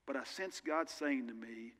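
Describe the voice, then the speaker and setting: A man's voice: medium pitch, normal speed, fairly bright tone. Man preaching a sermon in church, earnest and chatty, big echoey sanctuary. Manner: earnest, conversational, with candid personal asides. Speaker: pastor. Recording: long reverb of a large church hall.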